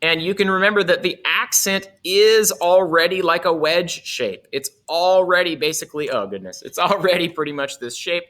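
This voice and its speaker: A man's voice: sits high, normal speed, few pauses, fairly bright tone. A man teaching a music lesson, explaining in an upbeat, playful way with little asides.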